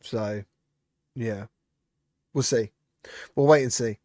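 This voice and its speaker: A man's voice: medium pitch, takes it slowly, dark tone, dry recording, clean studio sound. Chatty man greeting live-stream viewers. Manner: chatty, reads out viewer comments and greets them. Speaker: streamer host. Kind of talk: casual live-stream chat.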